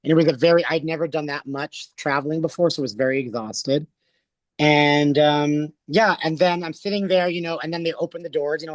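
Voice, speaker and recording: A Canadian drag performer telling a story with breathless, theatrical energy and acting out the voices in it. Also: male voice, fairly high pitch, brisk, no echo. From Alberta, Canada. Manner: breathless, theatrical, acts out the voices in his stories. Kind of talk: animated storytelling.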